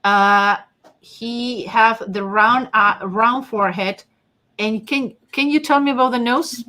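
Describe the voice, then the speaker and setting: A woman's voice: on the high side, takes it slowly, pushed and bright. A woman with a strong non-native accent hosts a casual live session. She chats loosely, reads out viewer comments and answers them as she goes. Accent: non-native English. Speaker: host and face-reading teacher. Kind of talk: casual live-stream talk.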